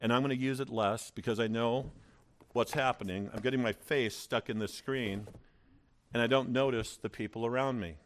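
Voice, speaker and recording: Male pastor, sermon, church, animated storytelling, stammering restarts, mid-pitched voice. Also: normal speed, slight background noise.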